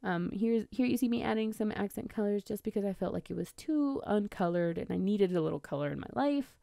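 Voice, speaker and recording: A young woman narrates in a relaxed, chatty voice-over, often pausing on fillers and restarting her sentences. Her voice is mellow with a gravelly fry at the ends of phrases. The recording is dry, with no room sound behind her. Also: medium pitch, no room sound. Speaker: bullet journal vlogger.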